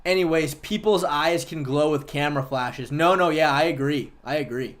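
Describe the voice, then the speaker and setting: A man's voice: on the high side, normal speed, fairly bright tone. A man hosting a livestream, chatting casually and argumentatively with viewers and swearing freely. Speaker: livestream host.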